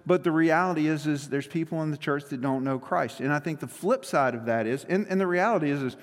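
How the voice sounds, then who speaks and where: Pastor guy preaching, chatty and jokey, kinda high voice, long echo in the church. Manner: conversational and joking, with quick rushes. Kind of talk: sermon.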